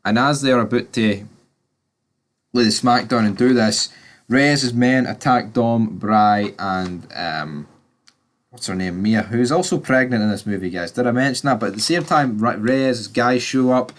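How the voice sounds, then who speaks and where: A man rambles through a casual movie review, chatting to his viewers as if they were mates. His voice sits at an ordinary middle pitch, and he drops in the odd swear word without slowing down. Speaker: film reviewer.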